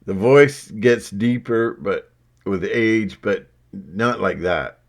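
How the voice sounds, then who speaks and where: A man's voice: on the low side, takes it slowly. A man talking casually to his viewers in a meandering way, full of asides. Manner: meandering, with lots of verbal asides. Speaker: vlogger. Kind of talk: casual rambling talk to viewers.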